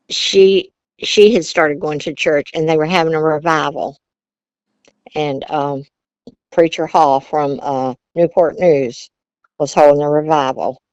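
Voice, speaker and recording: A grandmother from Virginia, interviewed as a guest, tells stories of her childhood in a chatty, homespun way, laughing often and using Southern turns of phrase. Her low voice is steady and clean, and she speaks slowly with frequent pauses. The recording is dry, a little dull, and has no echo.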